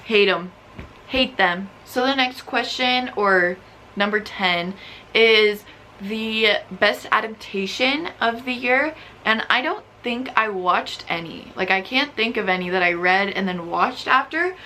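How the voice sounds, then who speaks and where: A young woman vlogging about books in a casual, animated way, full of "like" and exasperated outbursts. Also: mid-range voice, unhurried, slight background noise. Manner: animated, exasperated, filler-heavy with frequent "like". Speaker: book vlogger. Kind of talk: casual ranting book review.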